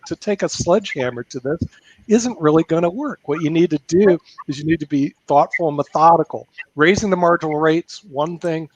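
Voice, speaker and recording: A man's voice: on the high side, muffled recording, slight background noise. A man who works as a retirement plan advisor, arguing his point emphatically with examples on a panel. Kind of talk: panel debate.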